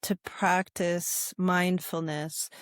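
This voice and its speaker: A woman yoga instructor talking in a calm interview, with a soothing, guiding manner and a habit of asking "right?". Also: fairly low pitch, extremely slow, clear, resonant tone, no room sound, clean studio sound. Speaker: yoga instructor and sobriety guest. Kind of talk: calm conversational interview talk.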